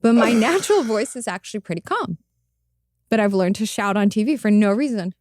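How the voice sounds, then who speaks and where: Lively chatty woman hosting a podcast. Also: medium pitch, no room sound, studio quality. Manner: chatty and playful, quick asides. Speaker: podcast host. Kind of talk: casual interview chat.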